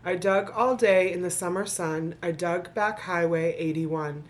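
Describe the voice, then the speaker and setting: A woman with a lowish voice reads a rhyming children's book aloud to camera. She stops often for dry, joking asides, then picks the story back up. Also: a little slow. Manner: sarcastic, playful commentary between read lines. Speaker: vlogger reading a children's book.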